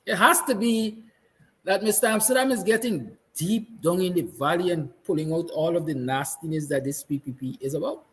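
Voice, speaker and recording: A Guyanese man with a slightly high voice holds forth in a fiery, emphatic monologue. He hammers his points home through repetition, and emotion sits close beneath his words. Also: brisk, few pauses, poor audio. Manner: fiery, emphatic, repeats lines; soft, tender passages. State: emotional, near tears. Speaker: host. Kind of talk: impassioned monologue.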